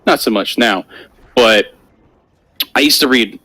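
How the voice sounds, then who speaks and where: A man's voice: medium pitch, a little slow, no room sound. A young man co-hosting a casual gaming video, telling a childhood story with lots of swearing. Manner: profane, animated storytelling. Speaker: co-host.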